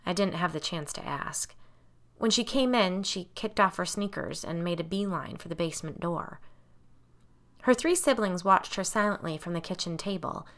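Woman narrating a story, crisp and forceful. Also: on the low side, expressive, normal speed. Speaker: audiobook narrator. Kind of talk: first-person audiobook narration.

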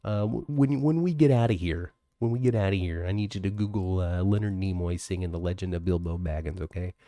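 A man's voice: sits low, a little fast, dark tone. A man co-hosting a podcast over a video call, chatting casually and laughing often. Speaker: podcast co-host. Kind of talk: casual chat. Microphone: home computer mic, video call.

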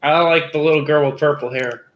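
A man co-hosting a casual anime discussion podcast, animated and hesitant, often restarting his sentences. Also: on the high side, a little fast, lo-fi sound. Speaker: podcast co-host.

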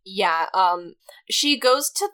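A woman's voice: mid-range voice, animated, slow pace, fairly bright tone. A young woman co-hosting a podcast, casually recapping a film and acting out characters' lines as she goes. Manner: chatty, acts out lines in quoted voices. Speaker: podcast co-host.

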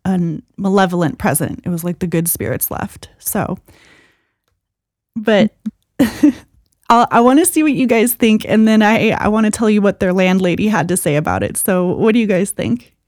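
A woman's voice: medium pitch, expressive, normal speed, darkish tone, dry recording, clean studio sound. A woman co-hosting a podcast, telling a story in a casual, rambling way full of fillers. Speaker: podcast co-host.

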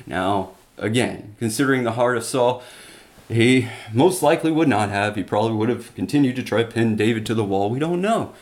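A man's voice: mid-range voice, lively intonation, fairly quick. A man teaching a Bible study, retelling scripture stories in plain everyday words with restarts and asides.

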